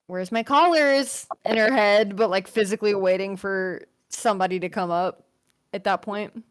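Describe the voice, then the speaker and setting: A woman's voice: medium pitch, little pitch movement, moderate pace, no echo. Casual woman playing a tabletop game. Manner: casual, filler-heavy, describes her character's actions. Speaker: player. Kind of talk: casual tabletop role-play chat.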